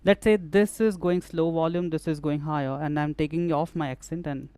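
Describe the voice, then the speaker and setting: Male instructor, hands-on studio tutorial; smooth, dry close sound, talks while clicking through steps. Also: on the high side, steady tone, normal speed, mellow, dry recording. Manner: explanatory, repeats and restarts phrases while demonstrating. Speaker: music production instructor.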